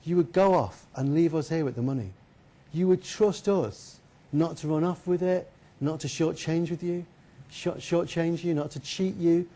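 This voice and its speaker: Man doing a fake-tearful, conniving young medieval rogue, high and wailing. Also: normal speed, mellow, natural voice. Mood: incredulous. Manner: gushes tearfully then turns sly. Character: scheming young medieval man, gushing then greedy.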